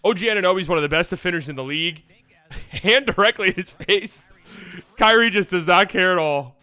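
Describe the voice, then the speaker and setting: A man hosting a basketball channel, breaking down game highlights with playful, joking asides. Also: a little fast, sharp tone, smooth, no room sound. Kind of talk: game film breakdown commentary.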